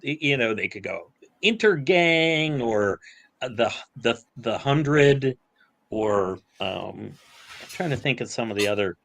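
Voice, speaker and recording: A man co-hosting a relaxed podcast conversation, his pitch swinging up and down with animation. He stops and restarts often, padding his sentences with ums and uhs. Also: gravelly. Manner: halting, lots of fillers and restarts. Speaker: podcast co-host. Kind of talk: casual chat.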